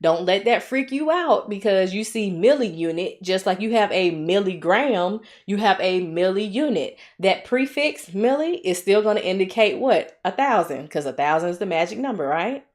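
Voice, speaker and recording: A woman with an Alabama accent tutoring nursing students on a live stream, chatty and encouraging, slowing down to walk through each step. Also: medium pitch, lively intonation. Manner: chatty, encouraging, reads viewer comments aloud; slow, deliberate when working steps.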